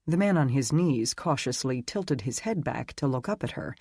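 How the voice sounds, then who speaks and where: Male audiobook narrator, measured dramatic reading, dry close recording. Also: fairly high pitch, expressive, darkish tone, slightly rough, no room sound. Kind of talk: scripted narration.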